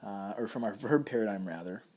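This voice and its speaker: Husky man teaching a language lesson. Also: lowish voice, animated, brisk, darkish tone. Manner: patient, explanatory, with frequent fillers and restarts. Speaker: Hebrew teacher. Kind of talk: recorded lecture over slides.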